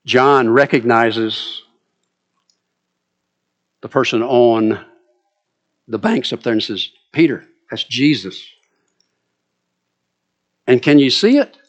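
A man's voice: mid-range voice, animated, slow, pauses often. A man preaching a sermon, retelling a story with drama and vivid asides.

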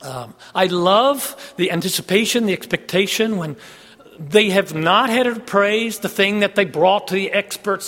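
Preacher guy, kinda high voice, chatty folksy sermon with jokes, echoey hall. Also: fairly bright tone. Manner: folksy, joking asides with the congregation.

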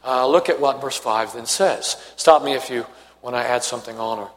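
A man's voice: mid-range voice, moderate pace, big-room sound. A man from Tennessee with a faint Southern accent, teaching a Bible study class in a conversational way, asking questions and reading scripture aloud.

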